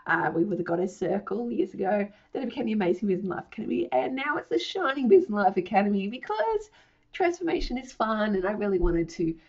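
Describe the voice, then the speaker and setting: A bubbly woman talks through a casual promotional walkthrough, her voice husky and hoarse from a chest infection, with a gravelly fry and a breathy edge. She is effusive and swears playfully. The audio is slightly dull and lo-fi. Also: medium pitch, big pitch swings, fast talker. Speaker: founder presenting her online academy.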